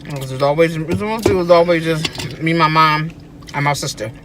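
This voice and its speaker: A woman telling family stories to her sister in a casual chat inside a car, animated and acting out what people said. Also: sits low, normal speed, noisy background. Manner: animated, acts out quoted speech. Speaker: guest, host's sister.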